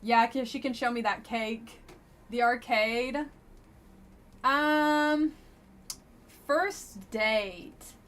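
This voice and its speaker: A woman's voice: on the high side, extremely slow, long pauses, fairly bright tone. A woman streamer casually commenting on a dating game she plays live, with a blunt, wry and chatty manner.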